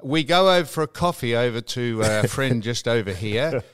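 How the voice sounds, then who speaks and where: An older Australian man hosting a talk show, telling stories in an animated, teasing way and mimicking the people in them. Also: mid-range voice, moderate pace, clear, resonant tone. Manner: animated, teasing, retells with quoted voices. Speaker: radio host. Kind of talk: banter and storytelling.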